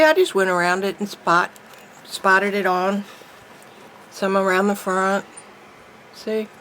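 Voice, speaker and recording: A woman's voice: mid-range voice, creaky, a bit bright, a little hiss or hum, rough recording. A woman, chatting folksily through a painting tutorial as she works. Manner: chatty, folksy, thinking aloud while painting. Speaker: painting teacher.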